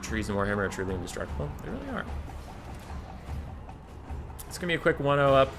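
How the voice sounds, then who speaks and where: A man's voice: mid-range voice, very animated, fast, pauses often, fairly bright tone, soft background music. A man casting a strategy game tournament live on stream, chatty and prone to digressions, talking to his chat between calls.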